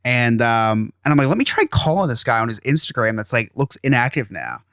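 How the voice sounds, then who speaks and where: A man's voice: mid-range voice, sing-song, a little fast, a bit bright, clear, resonant tone, no room sound, studio quality. A man in his thirties hosting a podcast, telling an exasperated story in casual chat and acting out quotes. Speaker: podcast host.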